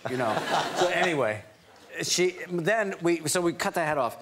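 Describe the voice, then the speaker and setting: A man's voice: fairly high pitch, normal speed, very noisy. A man who is a guest on a TV talk show, telling a story with animation and laughing as he goes. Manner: animated anecdote, laughing as he tells it. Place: TV studio before an audience.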